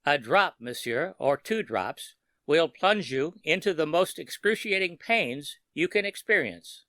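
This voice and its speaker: A sinister, coldly gloating wizard, as a man puts him on, lays out each threat slowly and precisely. The voice sits a little high and has a bright, forceful edge. It sounds dry and close, with no room around it. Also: expressive, no echo. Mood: menacing. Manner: slow, menacing and precise.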